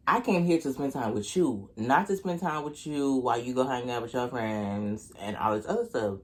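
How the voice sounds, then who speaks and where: A young man with an Oklahoma accent tells a storytime to camera while eating. His delivery is casual, slangy and full of profanity. It jumps in pitch whenever he acts out his irritation. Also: normal speed, hardly any pauses. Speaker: vlogger. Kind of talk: storytime mukbang.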